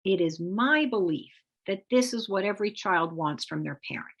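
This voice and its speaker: Husky middle-aged woman, mid-pitched, measured webinar instructor who adds lively emphasis. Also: lo-fi sound. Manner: measured, explanatory delivery with occasional lively emphasis. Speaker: parenting coach presenting a webinar. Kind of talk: instructional talk with demonstration phrases.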